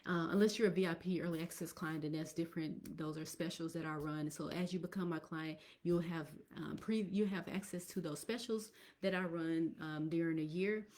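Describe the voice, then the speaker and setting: A woman's voice: fairly low pitch, fairly even intonation, normal speed, hardly any pauses, darkish tone. A woman hosting a casual business live stream, talking straight to viewers in a chatty way and sometimes dropping to a whisper. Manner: chatty, addresses viewers directly, drops into whispers.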